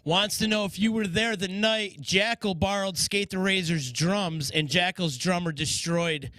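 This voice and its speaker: A man hosting a podcast, relaxed, reading out questions and asking for the story. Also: high voice, no room sound. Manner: relaxed, quick to follow up with questions. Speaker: podcast host. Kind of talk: casual chat.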